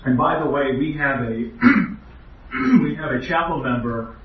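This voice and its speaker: A man's voice: mid-range voice, unhurried. A man giving an earnest, emphatic doctrinal lecture as a preacher, with rhetorical questions. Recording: echoey hall, distant, muffled.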